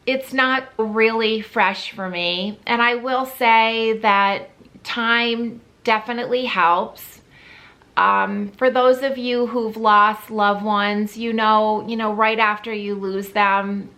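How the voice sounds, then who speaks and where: A woman in her fifties talking candidly to camera in a personal vlog, heartfelt and halting, with frequent pauses and restarts. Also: mid-range voice, sharp tone. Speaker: vlogger.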